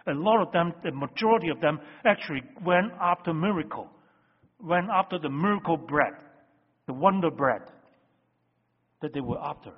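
Male pastor, raised husky voice, emphatic sermon delivery, muffled lo-fi recording with long hall echo. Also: on the high side, lively intonation, moderate pace, long pauses. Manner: emphatic, swings between loud stresses and hushed phrases. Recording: dull lo-fi sound with long hall reverb.

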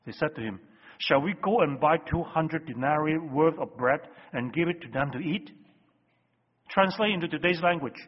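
Husky-voiced pastor preaching in a reverberant hall. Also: male voice, a little high, moderate pace. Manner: emphatic, swings between loud stresses and hushed phrases. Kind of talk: sermon. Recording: dull lo-fi sound with long hall reverb.

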